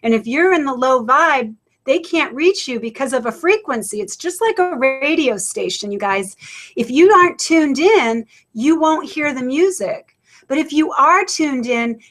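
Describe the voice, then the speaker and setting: Woman, spiritual webinar co-host, high voice, emphatic, preachy, video-call sound. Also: animated, unhurried, a bit bright. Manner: emphatic, gets passionate and preachy. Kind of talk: passionate inspirational chat.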